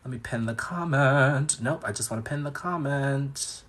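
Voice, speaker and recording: Brief: man, astrologer running live chart readings, chatty, sassy, mid-pitched voice. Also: normal speed, a bit bright, a little hiss or hum. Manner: chatty and sassy, rambling asides. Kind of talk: casual livestream chat.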